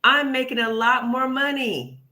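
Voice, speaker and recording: The host of this live video-call panel is a woman with a high-pitched, bright, forward voice who speaks without hurrying. Her manner is emphatic and supportive, and she keeps asking "okay?" while addressing the listener as "sis."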